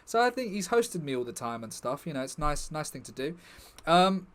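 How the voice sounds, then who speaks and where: A man's voice: on the high side, very animated, moderate pace. Chatty man wrapping up a stream. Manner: chatty, rambling, jokey asides to chat. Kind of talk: casual chat to stream viewers.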